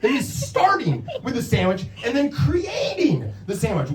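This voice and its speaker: Ranting stand-up comic, lively swooping pitch, heard from afar in an echoey venue with a crowd. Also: normal speed, few pauses, slight background noise. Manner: exasperated, profane ranting, often shouting. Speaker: stand-up comedian. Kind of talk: stand-up storytelling. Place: small comedy night venue. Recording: echoey room, distant mic, audience.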